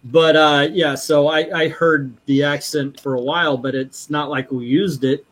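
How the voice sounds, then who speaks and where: A man's voice: on the high side, fairly even intonation, moderate pace, fairly bright tone. Chatty American man hosting a stream. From United States. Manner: rambling, jokey, self-deprecating. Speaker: podcast host. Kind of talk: casual chat on a comics stream.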